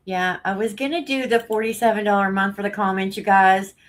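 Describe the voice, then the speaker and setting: A woman's voice: medium pitch, steady tone, fairly quick. A woman hosting a casual live stream, out of breath, rambling and laughing often as she greets viewers.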